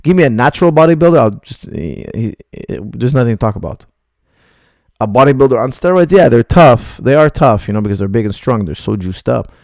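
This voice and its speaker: A man's voice: mid-range voice, sing-song, fairly quick, creaky, darkish tone, dry recording, studio quality. A middle-aged man, a martial arts coach, bluntly rambling through viewer questions on a live stream.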